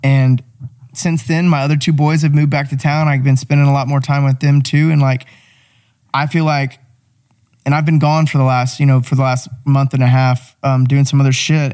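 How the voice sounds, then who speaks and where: A man's voice: medium pitch, a little mellow. Profane, blunt young man on a podcast. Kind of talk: casual podcast chat.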